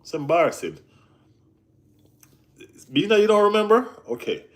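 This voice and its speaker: Slangy, animated man. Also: high voice, normal speed. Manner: animated, slangy, repeats himself. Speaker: football channel host. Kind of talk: casual live-stream chat.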